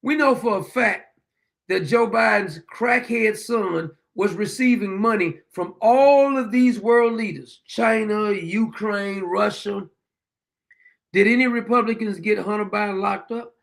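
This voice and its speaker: A man's voice: sits high, measured pace, creaky, fairly bright tone. A middle-aged man hosting his own show, delivering a blunt, combative political monologue and swearing freely. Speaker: show host.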